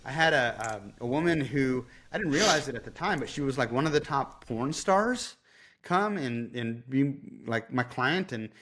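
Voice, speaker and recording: A man's voice: mid-range voice, animated, moderate pace, fairly bright tone. Man telling stories casually. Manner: loose, profane, self-interrupting. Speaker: dog trainer, podcast guest. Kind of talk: casual storytelling.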